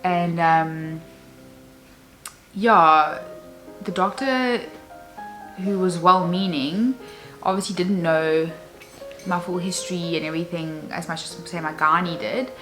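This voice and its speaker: A woman's voice: lowish voice, steady tone, unhurried, fairly bright tone, low-quality recording. A young adult woman and new mother talking candidly in a casual personal vlog, rambling with many fillers. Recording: music playing underneath.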